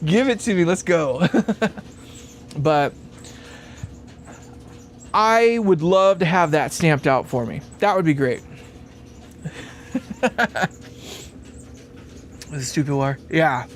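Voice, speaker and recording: High-voiced man rambling on a livestream. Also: takes it slowly, pauses often, a little hiss or hum. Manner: rambling, laughs often, swears freely. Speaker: livestream host building a guitar amp. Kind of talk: casual livestream chat.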